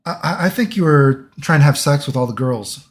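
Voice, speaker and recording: A stammering, flustered office woman who keeps backpedaling on her own claims, put on by a man. The voice sits high and a touch louder, full of hesitant starts and fillers. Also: normal speed, close to an everyday voice. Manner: stammering, filler-heavy, evasive.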